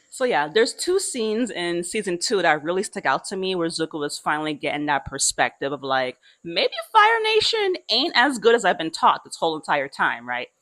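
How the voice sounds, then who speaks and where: A woman's voice: on the low side, fairly bright tone. Laughing slangy young woman vlogger. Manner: laughs often, slangy, swears freely. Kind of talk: casual chat.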